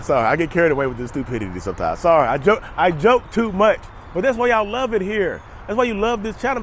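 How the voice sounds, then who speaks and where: A man's voice: fairly high pitch, a little hiss or hum. A man talking off the cuff outdoors to his viewers, rambling and joking as he goes. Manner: rambling, jokey, addresses viewers as y'all. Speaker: mental health vlogger. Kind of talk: casual unscripted monologue to camera.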